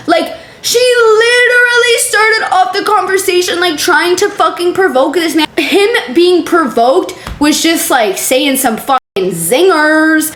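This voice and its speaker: High-voiced sarcastic young woman. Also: a little slow, hardly any pauses, a bit bright. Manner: sarcastic, profane, exasperated. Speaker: reaction video host. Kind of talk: casual reaction commentary. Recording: roomy echo with faint background hum.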